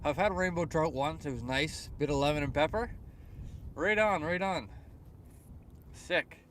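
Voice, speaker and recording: There's a little hiss or hum as a young Canadian man, speaking unhurriedly in a slightly high voice, livestreams fishing by the water at sunrise. He reads viewers' messages aloud and replies, relaxed and chatty with many fillers.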